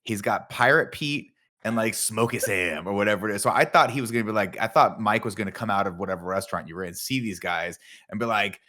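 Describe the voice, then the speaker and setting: A man's voice: on the low side, fast, sharp tone. A man hosting a podcast, riffing and joking in casual chat. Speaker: podcast host.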